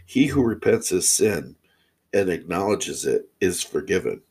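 A man voicing the Virgin Mary in a fairy tale, speaking solemnly and slowly. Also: low voice, very animated, darkish tone, breathy edge, exaggerated voice. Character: stern holy woman, the Virgin Mary.

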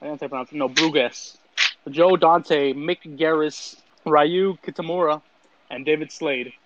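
A man's voice: on the high side, steady tone, normal speed, muffled recording. A man co-hosting a podcast in casual chat, laid-back and loose as he runs through the episode. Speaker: podcast co-host.

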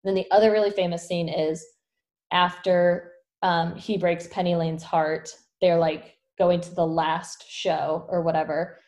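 A woman in casual chat, retelling a film's plot as an animated storyteller who leans on "like" a lot. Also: on the low side, measured pace. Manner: animated storyteller, heavy use of "like".

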